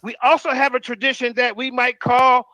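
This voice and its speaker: A man arguing in a live online debate, combative and rapid, often reading from notes. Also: very high voice, little pitch movement, dull audio, noisy background.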